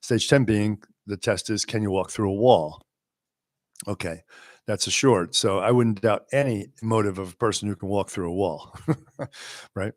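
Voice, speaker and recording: Unhurried low-voiced male yoga teacher. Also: dry recording, studio quality. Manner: unhurried, wry, sometimes drops to a quiet slow voice. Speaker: spiritual teacher answering questions. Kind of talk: relaxed live Q&A teaching.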